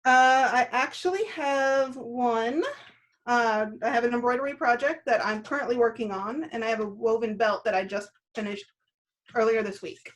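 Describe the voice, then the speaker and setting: Woman in her thirties, interview guest, easygoing, voice a bit high, hesitates often. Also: fairly even intonation, moderate pace. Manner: easygoing, with frequent "uh" and "um". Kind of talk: casual interview.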